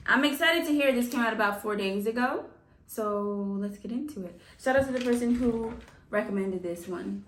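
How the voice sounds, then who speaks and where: A woman's voice: on the high side, moderate pace. A woman hosting a music reaction video, chatting casually and laughing often as she talks straight to her viewers. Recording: roomy sound from a distance off the mic.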